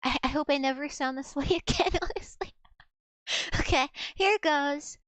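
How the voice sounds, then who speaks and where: A woman VTuber chatting casually on a live stream, rambling and self-mocking, with a soft girlish voice. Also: sits high, moderate pace, dry recording.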